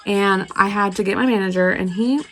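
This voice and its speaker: Talking briskly in a mid-range voice, a young woman does her makeup on a casual vlog and meanders through a chatty story loaded with filler words. Soft music plays underneath, and the recording quality is low.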